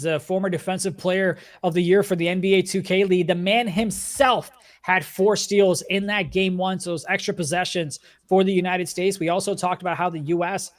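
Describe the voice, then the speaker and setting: A man with a high-pitched voice casts an esports basketball final. He talks through the numbers and the defensive choices in an even, analytical sports-commentary way. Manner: analytical, steady play-by-play breakdown.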